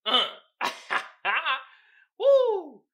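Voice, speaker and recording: A young man with a Californian accent hosting a casual podcast, telling stories loudly and animatedly with laughter and profanity. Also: very high-pitched, wildly swooping pitch, very slow. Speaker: podcast host. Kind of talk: casual solo podcast chat.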